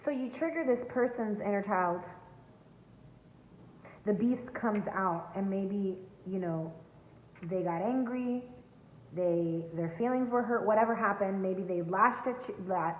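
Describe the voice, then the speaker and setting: A tarot reader with a medium-pitched voice speaks unhurriedly to her viewers from her home near the backyard. Her reading is earnest and emphatic, like spiritual coaching. Slight background noise sits under an echoey, tinny, phone-like recording.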